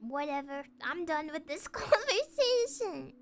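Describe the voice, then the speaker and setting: A woman's voice: high-pitched, very animated, a little slow, soft background music. A young woman VTuber chatting casually on stream, playful and giggly as she reacts to her chat.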